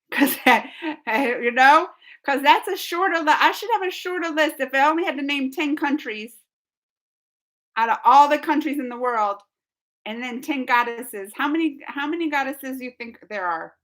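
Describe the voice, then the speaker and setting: Woman streamer, a bit high-pitched, chatty and rambling, casual live-chat delivery. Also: normal speed, fairly bright tone. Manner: chatty and rambling, says "like" a lot.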